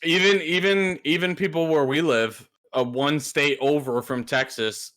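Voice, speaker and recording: A man with a bright, forceful voice, co-hosting a casual podcast. He tells stories in an animated way and leaps up in pitch when he imitates others. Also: a little slow. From New Mexico. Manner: animated storytelling, jumps high to mimic others. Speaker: podcast co-host. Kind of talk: casual chat.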